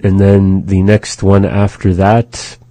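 Slow low-voiced man teaching phrases. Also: monotone, mellow, dry recording. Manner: slow, careful pronunciation drills. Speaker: language teacher and show host. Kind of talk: radio language lesson.

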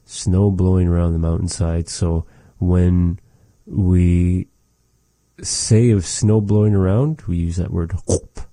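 A man giving a casual vocabulary lesson, repeating each word slowly and adding chatty, joking asides. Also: low voice, fairly even intonation, warm tone, no room sound. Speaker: language teacher.

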